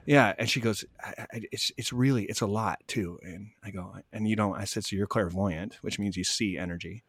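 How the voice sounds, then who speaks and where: A man calmly telling stories in an interview, acting out both sides of each conversation. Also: fairly low pitch, fairly quick, breathy edge, no room sound. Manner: animated, acts out both sides of dialogue. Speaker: guest, spiritual medium. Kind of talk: conversational storytelling.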